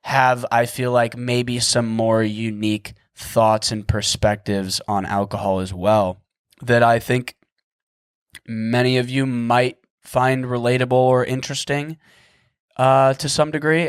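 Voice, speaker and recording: A man's voice: medium pitch, clear, resonant tone, no room sound, studio quality. A man in his thirties hosting a solo podcast, goofy and rambling, at times frantic and sarcastic. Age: 30s. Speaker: podcast host.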